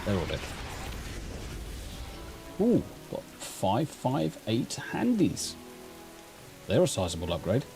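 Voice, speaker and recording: With music underneath, a middle-aged Englishman speaks in a fairly low voice whose pitch swoops wildly, moving slowly with long pauses. He has an English accent and is live-streaming a game into a studio mic through a mixing console, keeping up rambling, sweary, self-deprecating banter.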